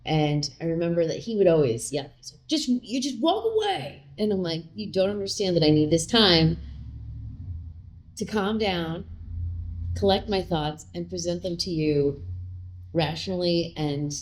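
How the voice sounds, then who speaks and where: Candid, animated woman telling stories. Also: lowish voice, unhurried, slight background noise. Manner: candid, animated, acts out quoted lines. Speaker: guest. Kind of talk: casual conversational interview.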